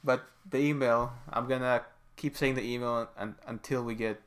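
A man's voice: medium pitch, steady tone, slight background noise. A man co-hosting a casual podcast who rambles and laughs as he talks. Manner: rambling, laughing, quick restarts. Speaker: podcast co-host. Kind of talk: casual chat.

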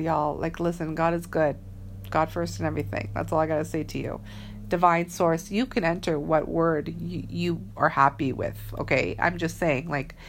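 Woman, lower voice, casual spiritual vlogger, earnest and slangy, lots of fillers. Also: slight background noise. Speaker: spiritual reader. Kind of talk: casual spiritual vlog talk.

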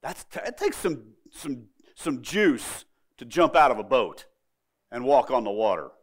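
A man's voice: mid-range voice, sing-song, a little slow, breathy edge. A middle-aged man preaching a sermon in a folksy storytelling way, acting out the quotes. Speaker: pastor.

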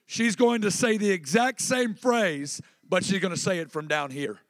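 A man with a high voice preaching to a congregation in a church sanctuary. He talks it through conversationally and prompts the room to answer back. His voice rings with a long hall reverb, though the mic itself sounds close and dry. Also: measured pace, hardly any pauses. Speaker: pastor. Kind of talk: sermon.

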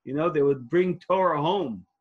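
A slightly high, somewhat rough male voice at a moderate pace, with the highs cut off. He's a rabbi from Queens, New York, who leads an organization, and as an interview guest he earnestly tells his story, often restarting and dropping in Hebrew and Yiddish phrases.

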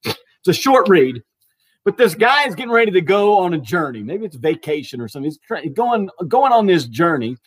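High-voiced man preaching casually. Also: sing-song, fairly quick, slightly rough, dry recording. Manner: conversational, with restarts and fillers. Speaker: pastor. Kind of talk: casual sermon storytelling.

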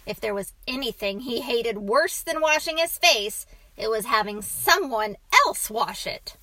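A woman's voice: fairly high pitch, unhurried, dry recording, poor audio. Woman reading a children's story aloud. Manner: calm, even storytelling. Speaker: narrator.

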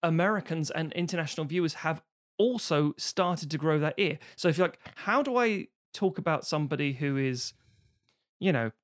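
Animated British man, casual chat. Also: on the high side, normal speed. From Britain. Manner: animated, swears freely, acts out silly voices.

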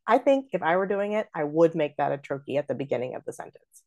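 A woman's voice: low-pitched, expressive, fast talker, hardly any pauses, darkish tone. A middle-aged woman hosting a podcast, chattily explaining how to speak verse, with lots of fillers. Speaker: podcast host and theater artistic director.

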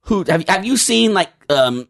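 A man's voice: high-pitched, animated, unhurried, vocal fry, fairly bright tone. A man co-hosting a casual chat, telling rambling stories with lots of laughing and restarts. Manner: rambling storyteller, laughs a lot, many restarts. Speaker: podcast co-host.

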